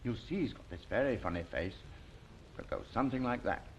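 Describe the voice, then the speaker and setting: Lively low-voiced man presenting to children. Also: creaky, lo-fi sound, a little hiss or hum. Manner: slow, coaxing, sing-song, invites the viewer to join in. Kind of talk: gentle presenting to young children. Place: television studio.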